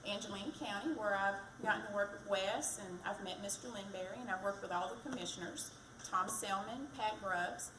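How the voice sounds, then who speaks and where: Speaking fairly quickly with hardly any pauses, a woman with a medium-pitched voice campaigns for county treasurer in a chatty, self-deprecating speech. She is at a fire department community event. The recording has echo, a distant mic, and background noise.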